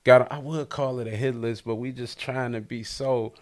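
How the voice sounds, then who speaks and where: A man hosting a casual interview podcast who hypes up his guest and gets loud and excitable. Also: medium pitch, moderate pace. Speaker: podcast host.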